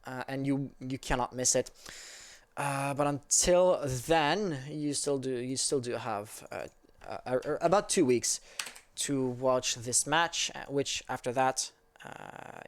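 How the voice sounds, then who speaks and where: With a clean tone and a voice on the high side, a French-speaking man from Quebec chats in English, his Quebec French accent clear. He's an esports caster hanging out with his stream viewers, rambling easily and replying to chat as he reads it.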